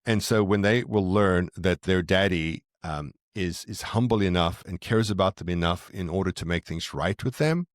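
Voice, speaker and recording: Podcast guest: middle-aged man, very low voice, earnest and reflective, dry close sound. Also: normal speed, few pauses, dry recording. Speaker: podcast guest, parenting author. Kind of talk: conversational interview, explaining.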